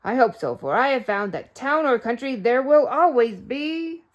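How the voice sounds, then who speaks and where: A woman voicing a frazzled, noise-weary older gentleman in a storybook read-aloud, speaking in fussy exclamations. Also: sits high, lively intonation, moderate pace, muffled recording.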